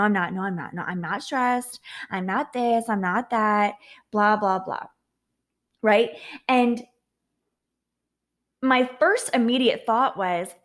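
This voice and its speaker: A woman in her thirties, a confidence coach and podcast host, talking earnestly and confessionally in a personal monologue, often repeating words and restarting. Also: on the high side.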